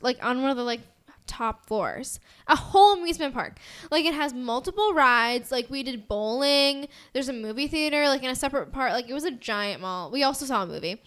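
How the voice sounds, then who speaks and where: A woman's voice: sits high, fairly bright tone. Giggly young American woman chatting. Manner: bubbly, giggly, lots of "like". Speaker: podcast co-host. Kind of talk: casual chat.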